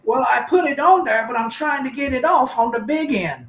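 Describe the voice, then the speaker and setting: A man's voice: very high voice, expressive, normal speed, fairly bright tone. An older man, a former ballplayer, telling stories casually over a video call, rambling and chuckling. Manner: rambling anecdotes, chuckles often. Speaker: guest, former baseball player. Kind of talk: casual storytelling. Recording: echoey room.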